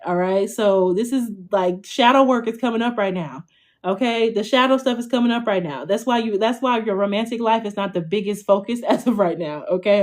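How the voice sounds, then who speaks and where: A woman's voice: medium pitch, darkish tone. A woman, giving a chatty, blunt tarot reading and checking in with "okay?" after nearly every line. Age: 20s. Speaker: tarot reader. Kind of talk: casual tarot reading to camera.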